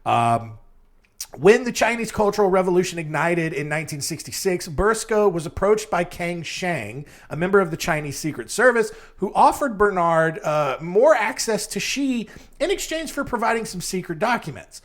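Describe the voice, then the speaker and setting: A man's voice: high voice, expressive, moderate pace, fairly bright tone. A man hosting a casual storytelling podcast, rambling and jokey and often laughing at his own asides. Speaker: podcast host.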